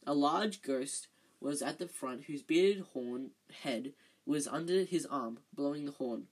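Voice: medium pitch, a little slow, darkish tone, husky. An amateur reader reading a novel aloud, often stumbling and correcting themselves with chatty asides.

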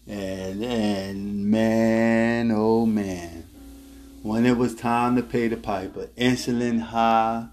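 Slow, rambling storytelling man. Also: on the low side, fairly even intonation. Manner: rambling, repeats words, chuckles as he tells; addresses viewers directly as ladies and gentlemen. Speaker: travel vlogger. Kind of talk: casual storytelling.

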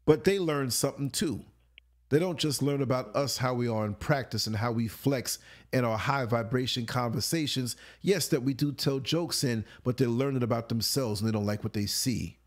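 A man's voice: medium pitch, normal speed. A man on a late-night talk show, telling stories animatedly, laughing often and acting out grunts and voices. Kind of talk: late-night casual storytelling.

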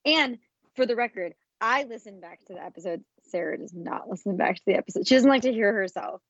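A woman's voice: medium pitch, expressive, brisk, slightly rough, no room sound, lo-fi sound. A woman in her thirties co-hosting a podcast, chatting casually and frankly, swearing freely. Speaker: podcast co-host. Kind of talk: casual chat.

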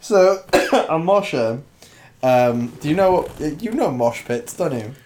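Guy cohosting a podcast, chatty and animated, laughing a lot. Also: on the high side, slow pace. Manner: animated, laughing, self-correcting. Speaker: podcast co-host. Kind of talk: casual chat.

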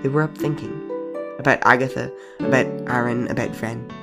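A man narrating a storybook audio drama in a measured, deadpan way. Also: mid-range voice, vocal fry. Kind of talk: scripted narration. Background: soft music.

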